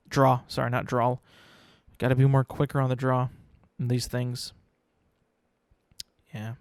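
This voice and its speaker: A man hosting his own podcast, rambling in a casual, self-mocking way and slipping into quick mock voices. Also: medium pitch, darkish tone, no room sound, clean studio sound. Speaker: podcast host. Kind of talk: casual solo podcast rant.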